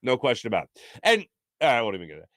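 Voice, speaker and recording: A man's voice: medium pitch, racing, no room sound, studio quality. A man in his thirties hosting a live sports talk show, reading out viewer comments in a playful, joking way. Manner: playful, animated, jokey.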